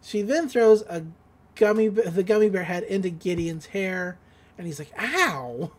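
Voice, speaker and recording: A woman hosting a podcast, recapping an episode in a casual, rambling way with many fillers and quick laughs. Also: mid-range voice, mellow. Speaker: podcast host.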